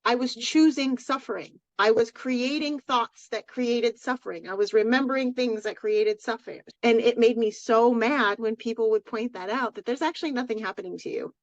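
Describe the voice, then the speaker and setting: A woman's voice: on the high side, moderate pace, few pauses, no room sound. A woman co-hosting a podcast, openly telling a personal story in casual chat with many restarts. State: tearful. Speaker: podcast co-host. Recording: dry, dull lo-fi sound.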